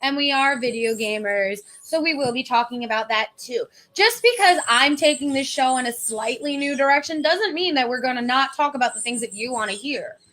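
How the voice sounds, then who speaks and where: A woman's voice: high-pitched, animated, brisk, hardly any pauses, a bit bright. A woman hosting a podcast in casual chat, chatty and playful, laughing often. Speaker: podcast host.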